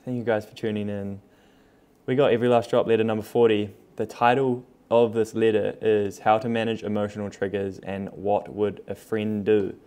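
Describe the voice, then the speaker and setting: A man's voice: fairly low pitch, little pitch movement, moderate pace, mellow, clear, resonant tone. A young man talking casually and frankly to camera in his new home, swearing freely. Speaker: vlogger. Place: new home, room full of boxes.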